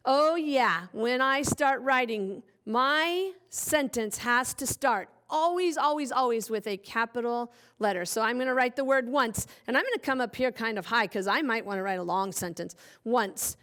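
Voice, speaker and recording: A woman's voice: on the high side, normal speed, hardly any pauses, fairly bright tone. A woman teaching young children a phonics lesson, cheerfully spelling out letters one by one. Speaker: kindergarten teacher.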